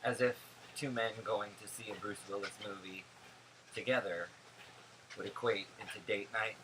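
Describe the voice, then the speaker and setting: A young man telling stories in a casual vlog, animated, gossipy and sarcastic. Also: lowish voice, normal speed, slight background noise, poor audio. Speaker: vlogger.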